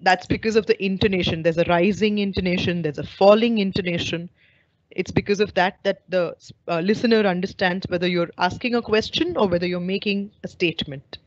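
A woman teacher trainer giving an online webinar lecture, explaining clearly and putting questions to her audience over a video call. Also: lowish voice, a little fast, no room sound. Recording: dull lo-fi online call audio.

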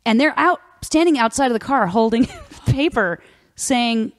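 A woman's voice: a little high, a little slow, dry recording. A woman guest telling a long story in casual chat, acting out the people in it. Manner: animated, acts out the people in her story.

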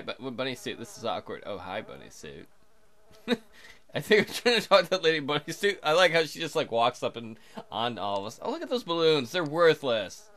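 A man's voice: medium pitch, bright, forceful tone. A man hosting a casual let's play, joking crudely and chatting to the characters on screen as he plays. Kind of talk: casual game commentary.

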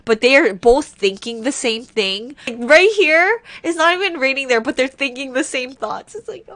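A woman gushing through casual reaction commentary, excitable, swearing often and saying "oh my god" a lot. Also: sits high, moderate pace. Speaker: reaction video creator. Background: faint music video playing.

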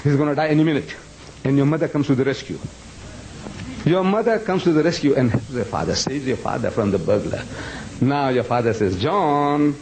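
A man's voice: mid-range voice, a little mellow, slight background noise, poor audio. A man giving a religious lecture in a mosque, emphatic and rhetorical, often chuckling at his own points. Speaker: Islamic lecturer.

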